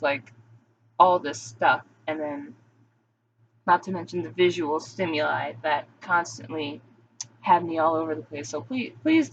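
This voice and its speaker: A woman's voice: lowish voice, a little hiss or hum. A young adult woman talking candidly in a rambling, confessional vlog monologue, full of "like" and restarts. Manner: rambling, candid, heavy use of "like". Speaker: vlogger. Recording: dull lo-fi recording.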